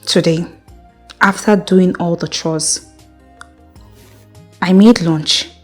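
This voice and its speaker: An actress playing a troubled young wife who speaks reluctantly and quietly. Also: female voice, lowish voice, steady tone, slow, soft background music. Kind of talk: Nollywood film acting.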